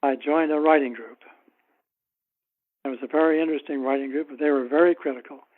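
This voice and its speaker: Guy author telling wry stories in an interview, kinda high voice, sounds like a phone line. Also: steady tone. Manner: anecdotal, unhurried, wry. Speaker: author guest. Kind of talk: casual interview storytelling.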